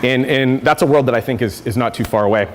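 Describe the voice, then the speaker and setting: A man's voice: mid-range voice, fast talker, long reverb tail, a little hiss or hum. A man giving a conference talk, conversational and self-correcting with frequent fillers. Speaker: conference speaker. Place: lecture hall.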